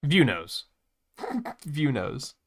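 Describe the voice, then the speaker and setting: A man's voice: on the high side, drawn-out words. A man hosting a live game stream, chatting casually and ranting with lots of swearing. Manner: profane, animated ranting. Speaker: livestream host. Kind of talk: casual chat while gaming.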